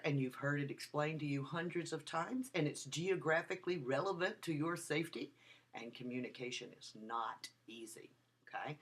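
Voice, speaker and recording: A woman giving a recorded video lecture as a university lecturer, talking in an animated, emphatic way and repeating her key points. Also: low voice.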